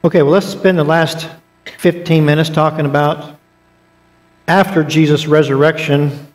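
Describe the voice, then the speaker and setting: A man with a fairly high voice and fairly even intonation teaches a Bible class at a moderate pace. His tone is conversational, with joking asides and scripture read aloud, all carried by the long reverb of a church auditorium.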